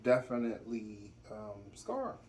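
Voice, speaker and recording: A man in his forties speaking in a soft, halting way in a casual family chat. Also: on the low side, big pitch swings. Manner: soft-spoken, halting, with trailing phrases. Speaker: father co-host.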